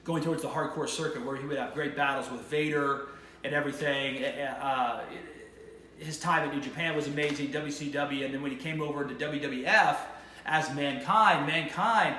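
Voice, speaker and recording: A man's voice: a little high, bright, forceful tone, slight background noise. A male vlog host talking enthusiastically to camera, rambling and restarting his sentences. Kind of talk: casual to-camera monologue. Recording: roomy echo with faint ambience.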